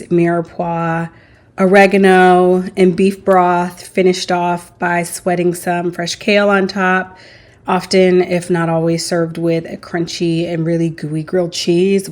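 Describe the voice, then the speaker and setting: In her home kitchen, a cooking vlogger talks in a casual, rambling voice-over, laughing softly every so often. Her voice sits on the low side, the recording quality is poor, and cooking sounds come through clearly in the background.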